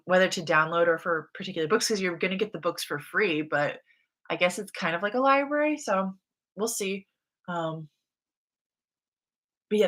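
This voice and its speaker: A young woman from the States hosting a casual reading livestream, chatting easily and reading out viewers' messages. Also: fairly low pitch. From United States. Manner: relaxed, chatty, reads chat aloud. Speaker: livestream host.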